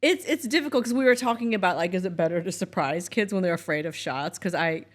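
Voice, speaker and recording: A middle-aged woman co-hosting a casual chat show, telling a family story in an animated way and acting out the voices with laughs. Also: fairly low pitch, fast. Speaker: co-host, mother of the other host.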